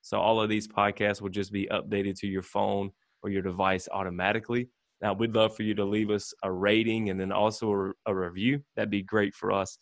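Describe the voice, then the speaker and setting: A man's voice: lowish voice, little pitch movement, fairly quick. A man from the Southern United States with a Southern accent, hosting a podcast in a friendly, teasing, encouraging way. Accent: Southern American. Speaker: podcast host. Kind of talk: casual interview.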